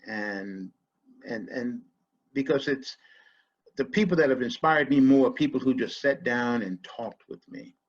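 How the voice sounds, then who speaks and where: Male podcast guest, husky voice, thoughtful and halting, muffled lo-fi audio. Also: mid-range voice. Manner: halting, repeats words, reflective. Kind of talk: casual conversation.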